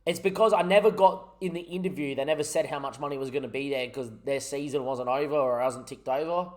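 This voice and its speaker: A man's voice: mid-range voice, quick pace. A young man giving frustrated, rambling commentary over his own gameplay, swearing often. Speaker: gaming YouTuber.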